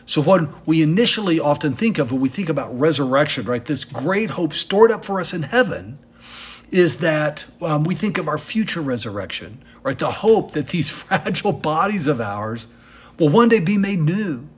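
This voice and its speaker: Husky-voiced man preaching a sermon. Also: fairly high pitch. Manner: earnest, emphatic preaching with rhetorical questions. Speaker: pastor.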